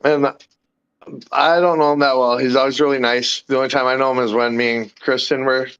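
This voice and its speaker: A man's voice: medium pitch, little pitch movement, a little fast, a bit bright, clear, resonant tone, muffled recording. A man in casual chat, arguing his point, swearing freely and chewing as he talks. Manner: talks while eating, swears freely, argumentative.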